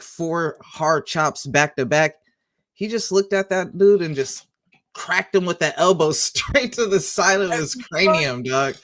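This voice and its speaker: A man co-hosting a podcast, chatting casually and profanely about wrestling, animated and laughing often. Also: a little high. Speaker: podcast co-host.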